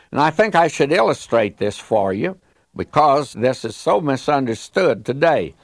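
A man's voice: mid-range voice, dry recording, studio quality. A man teaching the Bible on radio in a folksy, storytelling way, often wandering off on side remarks.

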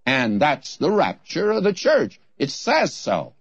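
A man's voice: on the high side, huge pitch swings, slow pace, breathy edge, dry recording. A man preaching in a folksy, storytelling way, teaching from the Bible with emphatic points. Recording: dry, slightly dull lo-fi recording.

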